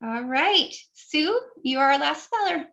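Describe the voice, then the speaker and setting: High-voiced woman hosting a spelling bee. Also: expressive, a little slow, creaky, bright, forceful tone, lo-fi sound. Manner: polite, apologetic, encouraging. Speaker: spelling bee pronouncer and host. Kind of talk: reading words on a video call.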